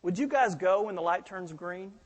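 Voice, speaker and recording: A man's voice: sits high, expressive, moderate pace, in a large hall, background noise. A middle-aged male pastor preaching a sermon, telling stories animatedly and acting out the quoted voices.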